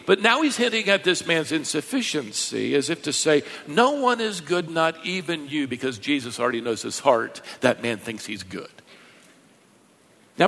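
A man preaching a verse-by-verse sermon as a pastor, emphatic, pushing his pitch and volume up to stress points. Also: creaky, fairly bright tone. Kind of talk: expository sermon. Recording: long reverb of a large hall.

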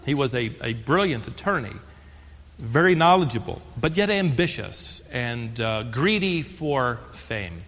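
An older American man preaching a sermon as pastor, stressing key words and slowing for emphasis. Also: mid-range voice, very animated, a bit bright, in a large hall. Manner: emphatic, slows on key phrases.

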